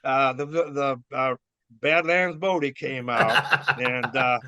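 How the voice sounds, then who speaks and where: A man's voice: medium pitch, slow pace, pushed and bright, no room sound. An older man, a former wrestler, telling rambling stories with chuckles, fillers and restarts. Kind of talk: rambling storytelling. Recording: dull dry lo-fi sound.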